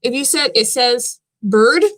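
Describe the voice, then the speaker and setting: Young woman with a high voice, rambling vlogger who swears freely and stays half skeptical. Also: a little slow, fairly bright tone. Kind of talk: casual chat.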